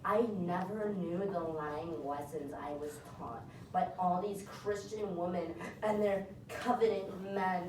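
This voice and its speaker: A young woman reading the part of a young woman pleading with the man she desires, in a classroom play reading, at a deliberate read-aloud pace. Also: lowish voice, steady tone, a little mellow, close to an everyday voice. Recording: echoey room from far off, noisy.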